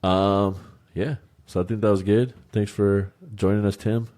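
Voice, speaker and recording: A man's voice: on the low side, little pitch movement, unhurried, a little mellow. A young man co-hosting a casual podcast, telling stories loosely, swearing and laughing often. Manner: laid-back, swearing storyteller who laughs often. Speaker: podcast co-host. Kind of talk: casual chat.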